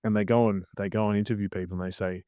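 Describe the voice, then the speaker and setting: A man's voice: lowish voice, fairly even intonation, racing, warm tone, no echo. An Australian man, a guest, talking bluntly and swearing freely in a casual interview.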